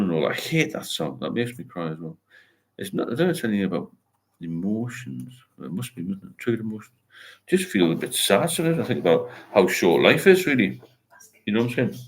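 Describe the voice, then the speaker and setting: An older man hosting a casual livestream, rambling as he reads viewer comments aloud and answers them with encouragement. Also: fairly low pitch. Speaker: host of a sobriety livestream. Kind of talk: casual live chat.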